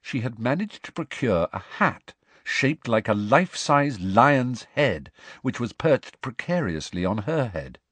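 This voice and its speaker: A man narrating a storybook aloud in an expressive storytelling manner. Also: mid-range voice, a little slow, slightly rough, no echo. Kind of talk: audiobook narration.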